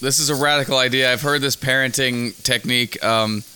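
A man co-hosting a casual chat, delivering absurd suggestions in a deadpan, mock-serious way. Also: mid-range voice, fairly quick, clean tone. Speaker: podcast co-host.

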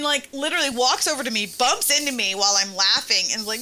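Bright animated storytelling mother. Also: sits high, a little fast, hardly any pauses, slight background noise. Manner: animated storyteller, laughs often, acts out kids' voices. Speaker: mother telling a family story. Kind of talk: casual chat.

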